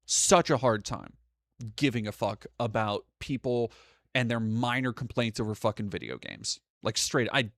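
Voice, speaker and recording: A man's voice: on the low side, lively intonation, normal speed, a bit bright, no echo, clean studio sound. A young man hosting a live stream, chatting casually and reading donations, rambling with frequent restarts and swearing. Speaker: streamer host.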